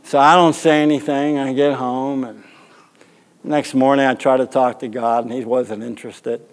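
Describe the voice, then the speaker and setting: A man's voice: mid-range voice, steady tone, moderate pace. A male pastor telling a rambling, funny anecdote in a sermon, often laughing. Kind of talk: storytelling sermon.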